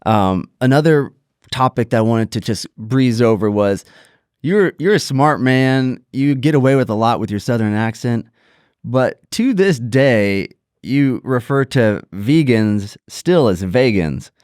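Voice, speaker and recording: A man's voice: medium pitch, animated, unhurried, darkish tone, clean tone, no room sound, studio quality. A man hosting a podcast in a teasing, joking way, often laughing as he talks. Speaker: podcast host. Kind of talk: casual podcast chat.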